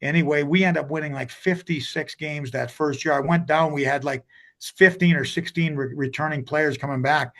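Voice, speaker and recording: A man's voice: a little high, fairly even intonation, moderate pace, a bit bright. An older man, a hockey coach telling long stories as an interview guest, rambling with many restarts. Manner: rambling, retells conversations with many restarts and "he goes".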